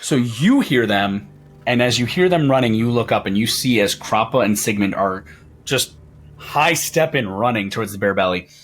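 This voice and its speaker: A man's voice: mid-range voice, lively intonation, normal speed. A man narrating as game master for a tabletop roleplaying game, in a loose, rambling way that keeps breaking into laughter.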